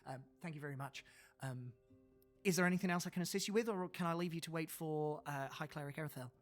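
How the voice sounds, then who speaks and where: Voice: medium pitch, fast, faint music behind, close to an everyday voice. A game master voicing a flustered, apologetic middle-aged human woman visiting a temple.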